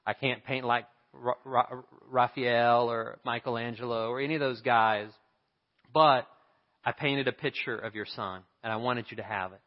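A man's voice: mid-range voice, steady tone, moderate pace, natural voice. A man voicing a humble young male soldier, earnest and a little hesitant, in a sermon story. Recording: reverberant hall, dull lo-fi sound.

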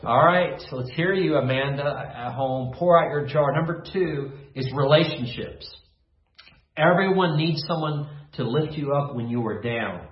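A man's voice: medium pitch, a little slow, echoey room, dull audio. A man preaching a short devotional sermon to listeners at home, asking them to repeat phrases back to him. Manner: call-and-response, asks listeners to repeat phrases. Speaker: pastor.

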